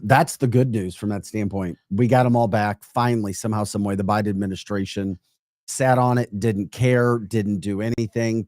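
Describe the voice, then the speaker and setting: A man co-hosting a political talk podcast, upbeat and animated, laughing often as he talks. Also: on the low side, no echo, clean studio sound. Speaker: podcast co-host.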